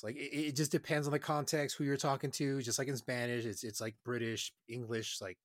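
A man's voice: mid-range voice, brisk, few pauses, no room sound. Blunt, profane man, dry sound. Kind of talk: casual crude chat.

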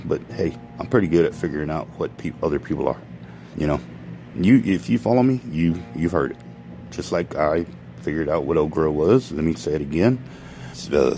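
A man's voice: a bass voice, creaky, mellow, slight background noise, poor audio. A man ranting in a profane, rambling monologue to his followers, often stopping to correct himself. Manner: profane, ranting, self-interrupting. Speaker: vlogger.

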